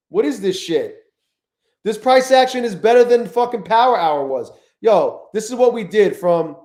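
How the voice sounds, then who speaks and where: A man streaming live, talking casually and excitably to his chat, swearing often and greeting viewers by name. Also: high voice, unhurried, echoey room.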